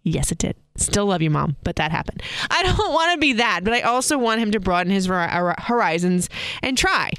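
A woman's voice: medium pitch, sing-song, brisk, a bit bright, clean tone, dry recording. A woman in her thirties hosting a casual solo podcast, telling a rambling story with frequent restarts. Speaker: podcast host.

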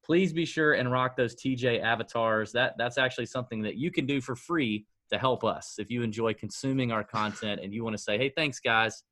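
A man's voice: medium pitch, a little fast, hardly any pauses, a bit bright, dry recording. A man hosting a casual sports-betting podcast, joking and self-mocking as he chats with his co-host.

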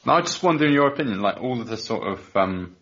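An English man co-hosting a football podcast, excitable, swearing and laughing in casual chat. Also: medium pitch, fast talker, a crowd in the background. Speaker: podcast co-host. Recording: dull lo-fi audio.

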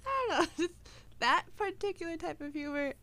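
A woman's voice: extremely high pitch, lively intonation, brisk, sharp tone, no echo. A young woman co-hosting a podcast, chatting casually and gushing with frequent laughs and fillers. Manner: giggly, gushing, lots of fillers. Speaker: podcast co-host. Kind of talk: casual chat.

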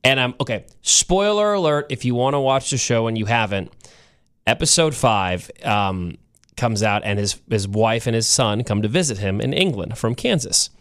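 A man's voice: medium pitch, lively intonation, normal speed. A man co-hosting a talk show, retelling a TV episode in a casual, storytelling way. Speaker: radio show co-host. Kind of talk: casual chat.

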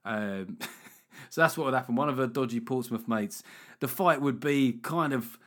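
A man's voice: medium pitch, normal speed, fairly bright tone. A man hosting a podcast, joking and bantering in a casual chat. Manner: jokey, banter-filled, laughs often. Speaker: podcast host.

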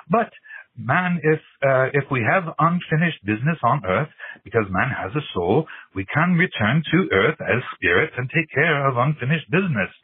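A man's voice: mid-range voice, breathy edge, no echo, phone-quality sound. A male caller acting as the ghost of a famous late physicist, delivering mock-solemn threats over a phone voicemail. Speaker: podcast caller.

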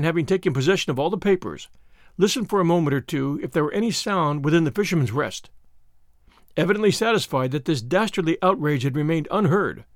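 A man narrating a classic novel aloud in a measured, even storytelling manner, as the host of a story podcast. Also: a little high, dry recording, studio quality. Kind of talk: audiobook reading of a classic novel.

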